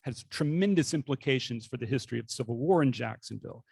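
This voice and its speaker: A man's voice: mid-range voice, expressive, fast, gravelly, a little mellow, husky, no room sound. A younger man with a faint Northeast Florida Southern accent, giving a conversational slide lecture to a club and asking for the next slides. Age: young adult. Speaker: guest speaker.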